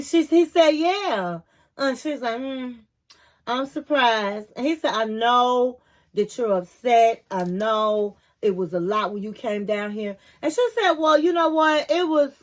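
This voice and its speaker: A woman hosting a casual TV recap, animatedly retelling scenes and acting out what people said, with opinionated asides. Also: fairly high pitch. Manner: animated storyteller, acts out quotes, opinionated asides. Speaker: reality TV recap host.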